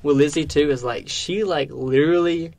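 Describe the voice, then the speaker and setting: A young man from Alabama with a Southern accent, co-hosting a casual chat with blunt, loud jokes. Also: fairly high pitch, normal speed, dry recording. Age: young adult. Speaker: podcast co-host.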